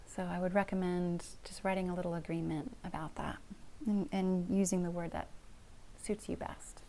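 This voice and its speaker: A middle-aged woman therapist calmly teaching a couples communication skill, gentle and encouraging, often dropping to a soft whisper. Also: on the low side, normal speed, gravelly, slight background noise. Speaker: family therapist.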